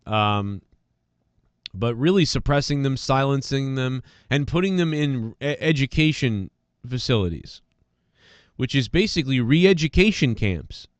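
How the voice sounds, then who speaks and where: A man's voice: mid-range voice, expressive, measured pace, no room sound. A man hosting a podcast, talking in a casual, rambling and profane way while congested from allergies. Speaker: podcast host. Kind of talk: casual solo rant.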